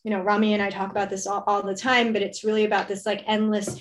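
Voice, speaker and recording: A woman's voice: mid-range voice, little pitch movement, slight background noise. A woman, chatting eagerly as a guest in an interview, with many fillers. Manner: fast, enthusiastic, lots of fillers. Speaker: co-founder guest. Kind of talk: casual interview chat.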